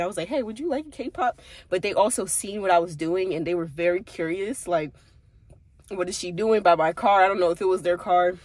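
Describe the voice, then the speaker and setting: On a handheld phone, a woman who runs a small business vlogs outdoors and from her car, chatting casually and speaking straight to her viewers. Her voice is on the low side, with no room sound in the recording.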